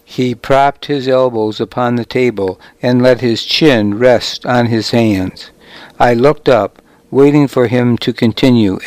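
A man reading a novel aloud as narrator, with measured, deliberate storytelling. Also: medium pitch, a little mellow, no echo, rough recording. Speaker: audiobook narrator. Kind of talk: scripted narration.

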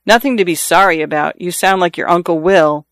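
A man's voice: high-pitched, a little fast, a bit bright, clean tone, no room sound, studio quality. Jovial older man spinning yarns, read by a narrator. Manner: hearty, joking storyteller. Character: jovial older man telling family stories. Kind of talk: audiobook character reading.

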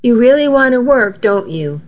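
A woman's voice: fairly high pitch, big pitch swings, normal speed, pitched above the performer's own voice. A woman voicing a frank but kindly middle-aged male restaurant manager in a storybook reading, on a dull lo-fi recording. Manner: matter-of-fact, apologetic.

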